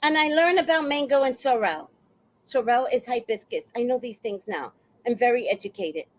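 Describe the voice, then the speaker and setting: A woman in her sixties hosting reaction commentary, animated and playful, who often repeats her phrases. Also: on the high side, moderate pace, a little hiss or hum. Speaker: host.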